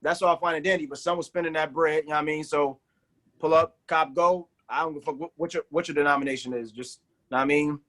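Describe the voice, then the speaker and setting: A man's voice: on the high side, fairly even intonation, fast talker, fairly bright tone. A man co-hosting a casual podcast, telling a story in laid-back slang. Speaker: podcast co-host. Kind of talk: casual chat.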